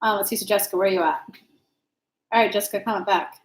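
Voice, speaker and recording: A woman's voice: mid-range voice, steady tone, fast, reverberant, low-quality recording. A woman hosting a live stream as an intuitive reader, giving frank, casual advice and answering viewers' questions by name, swearing now and then.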